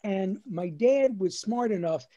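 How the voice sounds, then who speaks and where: A man's voice: high-pitched, unhurried, lo-fi sound. Man telling a comic childhood story. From New Jersey. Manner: animated storyteller acting out his dad's voice. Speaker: lawyer and comedian. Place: at home on a webinar. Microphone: video call.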